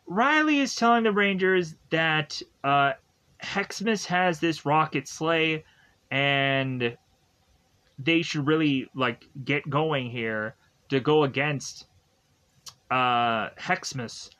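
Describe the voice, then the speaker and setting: A man's voice: a little high, takes it slowly, pauses often, bright, forceful tone, clear, resonant tone, rough recording. A young man giving a casual, rambling episode recap, full of fillers, asides and jokes. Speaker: show reviewer.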